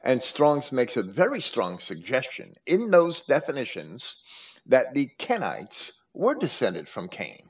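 A man hosting a scripture study, explaining at length in a deliberate way with frequent hesitations and restarts. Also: medium pitch, huge pitch swings, slightly rough. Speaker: host. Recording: muffled lo-fi recording.

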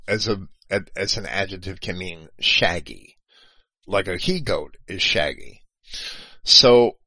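A man giving an unscripted explanatory monologue, lecturing in a halting way with frequent restarts and self-corrections and spelling terms out letter by letter. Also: fairly low pitch, sharp tone, no room sound, low-quality recording. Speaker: video host.

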